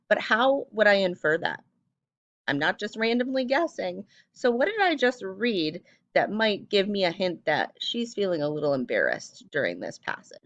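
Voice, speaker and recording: A woman teacher giving a recorded reading lesson, speaking clearly and patiently and reading short passages aloud with expression. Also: medium pitch, a bit bright, dry recording, dull audio.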